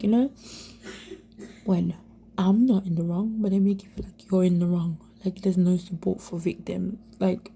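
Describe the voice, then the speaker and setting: A young woman telling her own story of domestic abuse in halting, repetitive speech that often slips into a whisper. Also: fairly low pitch, creaky, dark tone, slight background noise. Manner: halting, repeats herself, many fillers; often drops to an unvoiced whisper. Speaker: survivor sharing her story. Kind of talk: emotional personal testimony.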